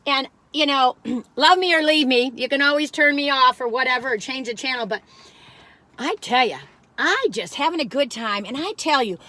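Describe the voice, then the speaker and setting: A woman chatting warmly through a cookie-tasting vlog, folksy and giggly, slipping into little sung jingles. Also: high voice, animated, moderate pace, no room sound. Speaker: vlogger reviewing cookies.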